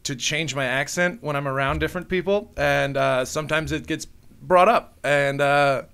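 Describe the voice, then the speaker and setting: Man, comedian guest, bright ringing voice, animated storyteller, frequent laughter. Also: fairly high pitch, normal speed, creaky, smooth. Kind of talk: casual podcast storytelling.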